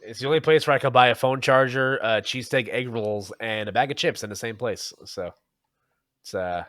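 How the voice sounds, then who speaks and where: A young man from North Jersey co-hosts a podcast in loose, casual chat. He rambles from one thought to the next and laughs often, at an average pitch. His voice is dry and close, with no room sound. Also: brisk, fairly bright tone, no echo. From North Jersey, USA. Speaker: podcast co-host.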